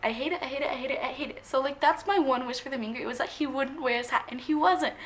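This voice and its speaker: A young woman vlogger rambling excitedly as she tells a story to her camera, gushing and jumping between thoughts. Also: sits high, quick pace, a little hiss or hum.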